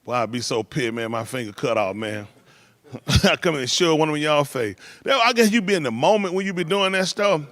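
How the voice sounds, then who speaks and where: A man, talking casually and rambling from one story to the next. His voice sits a touch high for a man, and the recording is dry and close with no room sound. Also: lively intonation, moderate pace, dry recording. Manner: loose rambling delivery with laughs and shouted impressions.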